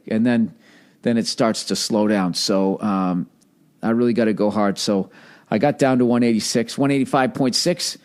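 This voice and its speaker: A man's voice: mid-range voice, a little mellow. Rambling, profane male podcast host. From United States. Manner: rambling, profane, self-mocking. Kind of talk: casual monologue.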